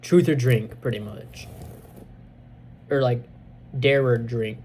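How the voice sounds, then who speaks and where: A man reviewing a movie, retelling the plot in a casual, excitable, rambling way with many fillers. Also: medium pitch, slow pace, slight background noise.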